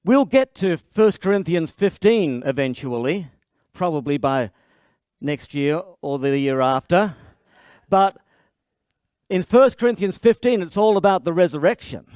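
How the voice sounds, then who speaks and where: A male pastor delivers a sermon in a slightly high, very animated voice that swings up and down, and he takes his time. He explains with playful asides and restarts his sentences often, and the sound is close and dry. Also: measured pace, smooth, no room sound.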